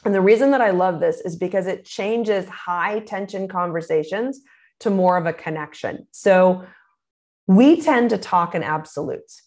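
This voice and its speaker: A woman's voice: mid-range voice, a little slow, darkish tone. A middle-aged woman, a communication speaker, answering interview questions expressively, acting out quoted phrases and laughing easily.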